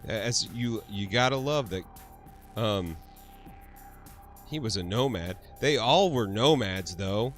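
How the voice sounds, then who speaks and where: A man's voice: fairly low pitch, lively intonation, slow, pauses often, faint music behind. A man hosting a casual livestream, laughing often, swearing freely and answering his chat. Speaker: livestream host.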